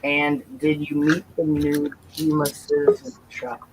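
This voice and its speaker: A man's voice: fairly high pitch, animated, a little slow, noisy background. A man hosting a live building stream in casual, rambling chat, often correcting himself mid-sentence. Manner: rambling, chatty, self-correcting.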